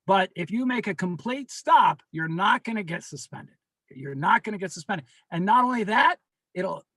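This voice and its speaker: A man's voice: high voice, a bit bright, dry recording. A man speaking as a union representative at a members' meeting over a video call, earnestly pleading and repeating his warnings.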